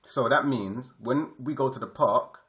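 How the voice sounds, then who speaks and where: A man voicing a male pet dog who reasons calmly and plainly in a slightly lower, quieter voice. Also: a little slow, close to an everyday voice. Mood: deadpan.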